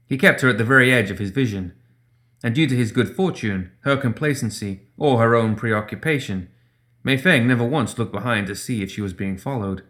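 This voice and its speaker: A man narrating a story in a steady, measured reading style. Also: medium pitch. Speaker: audiobook narrator.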